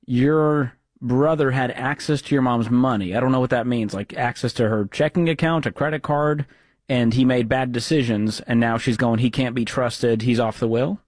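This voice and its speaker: Male talk radio host: direct, steady, reassuring with callers, close dry studio mic. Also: mid-range voice, normal speed, no echo. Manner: direct, reassuring, recaps the story.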